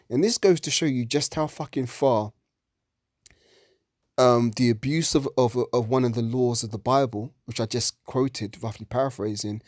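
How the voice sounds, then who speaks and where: A man's voice: mid-range voice, normal speed, no room sound, clean studio sound. A man gives a heated religious commentary monologue, ranting and swearing often.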